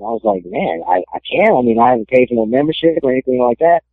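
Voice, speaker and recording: A man's voice: medium pitch, fast talker, hardly any pauses, no echo. A young man, an MMA fighter, telling his story in a casual interview, acting out the voices of people he quotes. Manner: animated storyteller, acts out quotes. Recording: tinny phone line.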